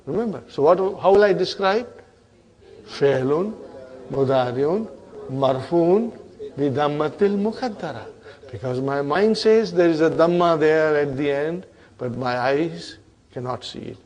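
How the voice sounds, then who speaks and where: A man's voice: fairly high pitch, lively intonation, unhurried, a little mellow. A man teaching grammar in a lesson, drilling verb forms and checking in with "huh?" and "okay?", calling his student brother. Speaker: Arabic teacher.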